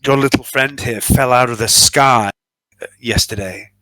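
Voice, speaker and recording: A man voicing a kindly, awkward human male druid who speaks softly and hesitantly. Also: mid-range voice, moderate pace, dry recording, natural voice. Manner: soft-spoken and hesitant.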